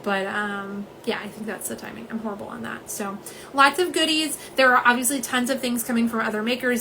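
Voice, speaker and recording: A woman, chatting casually and warmly through a nail polish livestream at home, with lots of "um"s. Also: a little high, a little hiss or hum, low-quality recording. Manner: chatty, many "um"s, says "y'all".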